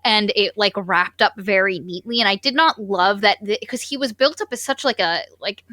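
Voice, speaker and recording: A chatty woman talks through a book review in a casual, excitable way. Her voice is bright and a bit forceful, and she often slips into quick acted-out quotes. The recording is close and dry, with no room sound. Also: medium pitch, no room sound. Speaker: book podcast co-host.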